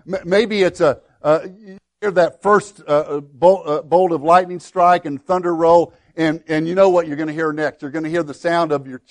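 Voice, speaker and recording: A middle-aged pastor with a high-pitched, darkish voice preaches in an earnest, conversational way, recorded with no room sound. He acts out the prayers and pleas he quotes.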